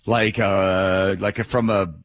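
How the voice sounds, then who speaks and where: A middle-aged man hosting a talk radio show, telling a story in an animated, indignant rant. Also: deep voice, takes it slowly, no room sound. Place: radio studio.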